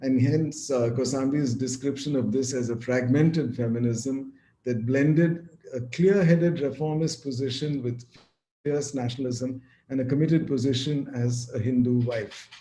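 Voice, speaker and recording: Low, mellow male lecturer in an echoey room. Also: fairly even intonation, slight background noise. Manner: measured, reads quotations with some restarts. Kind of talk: academic lecture, partly read. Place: room, speaking over video call. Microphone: video call.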